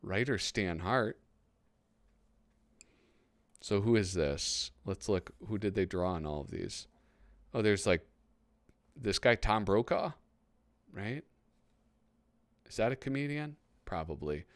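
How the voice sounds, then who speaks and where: A man's voice: on the low side, slow, pauses often, dry recording. A man in his thirties hosting a casual, rambling commentary while flipping through a magazine. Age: 30s. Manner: chatty, rambling, easily excited. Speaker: host.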